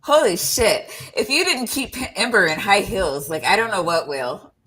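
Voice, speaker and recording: A woman's voice: mid-range voice, sing-song, moderate pace, bright, forceful tone, a little hiss or hum. A woman chatting casually and profanely on a live stream, teasing her friends.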